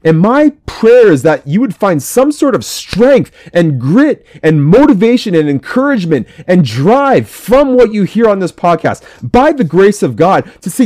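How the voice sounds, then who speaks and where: Man preaching hard on his podcast, voice jumps all over, kinda high. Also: big pitch swings, a little slow, hardly any pauses, a little mellow, no room sound. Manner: fiery, emphatic, repeating phrases. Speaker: podcast host. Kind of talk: preaching to men.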